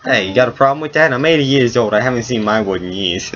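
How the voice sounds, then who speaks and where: Man playing cranky old merchant, shrill. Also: expressive, quick pace, crowd noise, close to an everyday voice. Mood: grumpy. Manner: yelling, grumpy, cursing. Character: cranky old male merchant, eighty, shouty. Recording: dull lo-fi recording with faint hiss.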